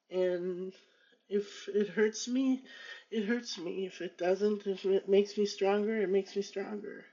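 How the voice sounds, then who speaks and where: Woman, tarot vlogger, slow halting talk, mellow voice, hurt and defiant, dull lo-fi sound. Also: medium pitch, fairly even intonation. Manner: slow, halting, with many restarts and pauses; pained and defiant in turns. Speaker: vlogger reading tarot cards. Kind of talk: emotional personal monologue with card reading. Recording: dull lo-fi recording.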